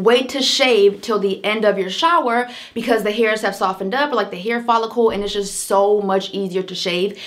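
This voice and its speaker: A young American woman with a chatty, sisterly manner, giving casual beauty advice to camera and calling her viewers "girl". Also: mid-range voice. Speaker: beauty vlogger.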